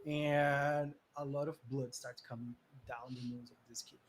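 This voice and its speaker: A man running a tabletop role-playing game as game master, narrating vividly with pauses and fillers. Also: medium pitch, little pitch movement, a little mellow, breathy edge. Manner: vivid, pausing with fillers, acts out voices.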